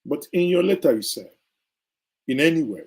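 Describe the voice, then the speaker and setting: A man's voice: fairly high pitch, sing-song, normal speed, husky, low-quality recording. A middle-aged man gives indignant, sarcastic political commentary as a show host, hammering his points with emphatic repetition.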